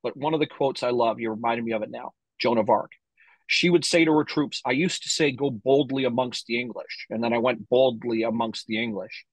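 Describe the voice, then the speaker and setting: A man hosting a casual podcast interview, energetic and slangy, a little tired. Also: mid-range voice, fairly quick, husky, no echo, low-quality recording. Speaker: podcast host.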